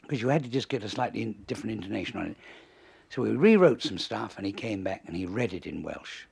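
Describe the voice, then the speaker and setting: Gravelly older man telling stories. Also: fairly low pitch, a little fast. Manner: lively raconteur, chuckling at own stories. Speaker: comedy writer, interview guest. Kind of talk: anecdotal storytelling.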